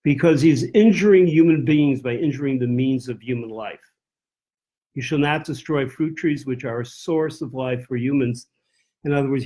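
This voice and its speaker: A man's voice: mid-range voice, mellow, slightly rough. A man teaching as a rabbi in a text-study class. He reads verses aloud in Hebrew, translates them and thinks aloud with restarts and self-corrections.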